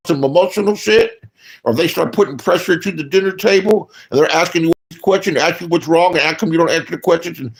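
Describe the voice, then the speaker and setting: A man ranting casually as a streamer giving commentary, blunt and profane, swinging between low mutters and loud outbursts.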